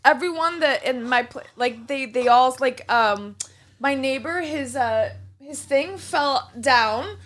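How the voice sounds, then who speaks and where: A woman with a slightly high voice chats casually on a podcast. She is an animated storyteller who keeps restarting her sentences and laughing at her own tale. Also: slow. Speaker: podcast co-host. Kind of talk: casual chat.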